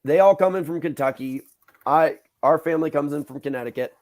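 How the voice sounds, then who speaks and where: Animated storytelling male podcast host. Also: on the high side, fairly quick. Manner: animated, swears freely, acts out quotes. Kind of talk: casual storytelling chat.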